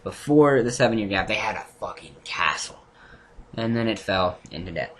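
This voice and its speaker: A man with a fairly low voice talks through an anime episode in a loose, rambling way, stopping and restarting often and breaking into animated asides. He records at home, and a faint hum sits in the background. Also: normal speed. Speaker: anime reviewer. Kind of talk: casual spoken recap. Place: home room.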